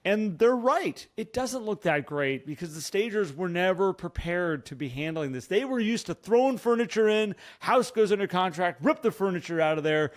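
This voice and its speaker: A man co-hosting a casual podcast as a real estate coach, talking earnestly and acting out what clients say. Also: high voice.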